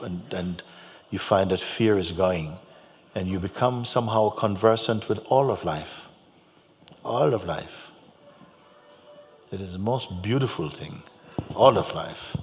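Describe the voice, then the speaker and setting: A man giving a spiritual talk to an audience, telling stories gently and repeating his phrases, with soft laughs. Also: deep voice, unhurried. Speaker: spiritual teacher. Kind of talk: spoken teaching to an audience. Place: large hall. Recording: long hall reverb, faint hum.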